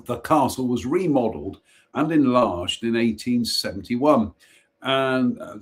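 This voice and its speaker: A man's voice: mid-range voice, darkish tone. A man reads short ghost stories aloud on a casual live stream. He breaks off now and then for dry, jokey asides. He trips over a word now and then and simply goes back to it. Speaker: host reading ghost stories.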